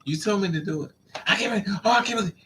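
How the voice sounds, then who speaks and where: A man telling a raunchy story to his live chat in a flamboyant, sassy way, laughing and squealing up high. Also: rapid-fire, a bit bright, slight background noise. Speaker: live stream host.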